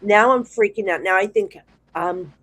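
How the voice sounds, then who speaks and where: A middle-aged woman with a New Jersey accent tells stories in a chatty, rambling way, full of restarts. She is a psychic guest on a casual show, and her delivery stays animated throughout. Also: mid-range voice, moderate pace, low-quality recording. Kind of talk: casual storytelling chat.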